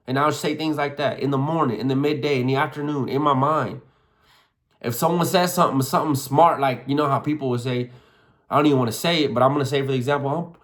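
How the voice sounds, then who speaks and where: A young man giving a hyped motivational talk, slangy and full of swearing, often leaping up in pitch to act out affirmations. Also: animated, fairly quick, a bit bright. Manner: hyped, slangy, swears a lot, swings pitch wide when acting out affirmations. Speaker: self-help coach.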